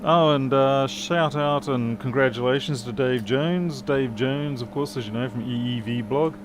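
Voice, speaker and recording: A man's voice: medium pitch, moderate pace, background noise. A man chatting casually and dryly while working, answering viewers' questions. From Australia. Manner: chatty, dry humour, answers chat questions. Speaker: repair streamer. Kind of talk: casual live-stream chat while working.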